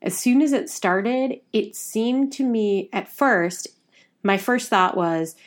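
Young Midwestern woman, podcast co-host, loose and rambling, mid-pitched. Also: slow pace. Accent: Midwestern American. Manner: chatty, rambling, says like a lot. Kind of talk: casual chat.

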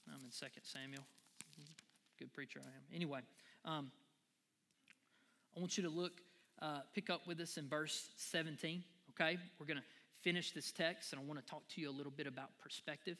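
A man preaching a sermon in a church, lively and conversational, often asking "right?" and "amen?". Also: on the high side, a little fast, pauses often, long reverb tail. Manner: animated preaching, builds to near shouting then drops to quiet; conversational asides with fillers like right and y'all. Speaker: pastor. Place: church sanctuary.

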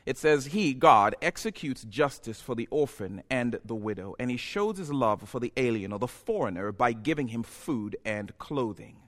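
A man preaching a sermon in a church, building from quiet, reflective passages to impassioned, near-shouted peaks. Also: medium pitch, animated, normal speed, hardly any pauses. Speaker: pastor.

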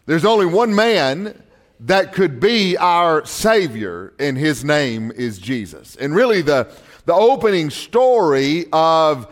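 A pastor with a notably high voice delivers a sermon in a church. He talks in a folksy, storytelling way and polls the congregation as he goes. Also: animated, slow pace, in a large hall. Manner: folksy storytelling with crowd surveys. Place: church sanctuary.

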